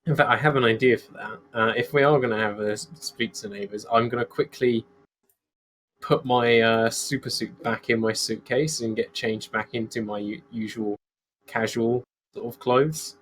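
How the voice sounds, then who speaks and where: A man's voice: mid-range voice, steady tone, moderate pace, a bit bright, a little hiss or hum. A man playing in a tabletop game, chatty with frequent restarts. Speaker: player.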